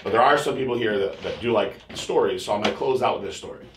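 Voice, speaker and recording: A man hosting a podcast, telling a crude story in a rambling casual way and mimicking others in high voices. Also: fast talker, background noise. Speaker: podcast host. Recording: echoey room.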